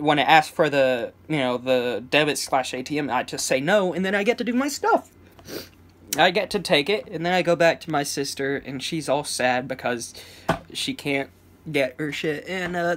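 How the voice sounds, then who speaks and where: A man's voice: on the high side, lively intonation, normal speed, fairly bright tone, a little hiss or hum. A young man telling a casual storytime vlog, rambling with many restarts and stammers, chuckling between phrases. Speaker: vlogger.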